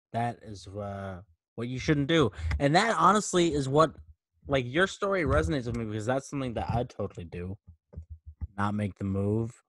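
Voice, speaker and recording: A young man talks on a casual podcast and often stops to hedge with fillers. His voice has a middle pitch, and it is picked up dry and close to the mic. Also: a bit bright, no room sound. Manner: hesitant, many fillers, asks questions. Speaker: podcast co-host. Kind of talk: casual chat.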